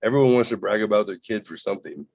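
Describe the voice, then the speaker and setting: A man's voice: fairly low pitch, expressive, fast talker, gravelly, darkish tone, no echo. A man voicing his amazed, blunt, profane father in a story. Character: amazed middle-aged father.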